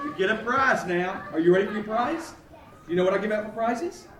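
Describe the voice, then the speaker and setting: A man's voice: high voice, big pitch swings, fairly quick. A man performing as a children's entertainer at a live library show, playfully clowning and bantering with the kids. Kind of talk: live kids' show patter. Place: large indoor room at a library event. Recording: echoey hall, distant mic, loud crowd noise. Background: noisy crowd of children.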